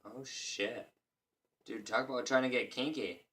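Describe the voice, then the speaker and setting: Man, casual fairy-tale reader, slow delivery, bright tone, crude joking asides. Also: mid-range voice.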